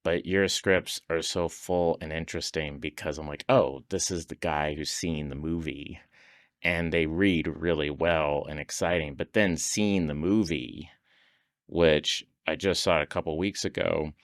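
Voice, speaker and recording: With a steady, unhurried bass voice, a podcast guest shares stories in casual conversation, laughing frequently and mimicking the people he quotes. The sound is dry and clean, studio grade.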